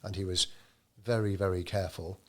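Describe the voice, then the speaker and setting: A man, a historian and author, recounting events in a podcast interview in a measured way with frequent ums. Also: deep voice, steady tone, a bit bright.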